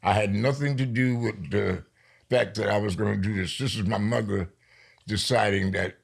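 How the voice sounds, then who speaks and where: An older man from New York, a poet being interviewed, telling stories in a lively way and slowing down for emphasis. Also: fairly low pitch, vocal fry, slightly rough. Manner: lively storyteller, slows down for emphasis. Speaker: poet guest. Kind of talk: storytelling interview.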